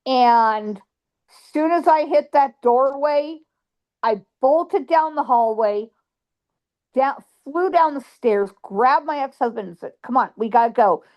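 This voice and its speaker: A woman's voice: high-pitched, takes it slowly, highs cut off. A woman guest psychic telling ghost stories in an interview, emphatic, piling up repeated words for stress.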